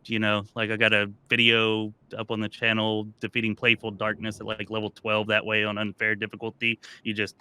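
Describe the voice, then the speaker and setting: A man hosting a casual gaming podcast, talking in a relaxed, rambling way with many fillers and restarts. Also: on the low side, a little fast, hardly any pauses, smooth. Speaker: podcast host.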